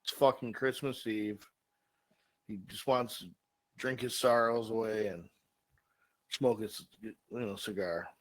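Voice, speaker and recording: A man's voice: fairly low pitch, takes it slowly, long pauses, rough recording. A man co-hosting a comedy show, telling a made-up bar-fight story with lots of swearing. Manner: profane, energetic storyteller. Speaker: podcast co-host.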